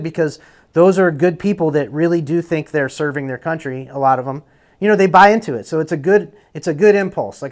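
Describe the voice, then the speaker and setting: A young man speaking as a podcast guest. His voice sits a little high, and he talks in a candid, loose, rambling way that sometimes turns profane. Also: brisk. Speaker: guest, military veteran. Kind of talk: casual conversation.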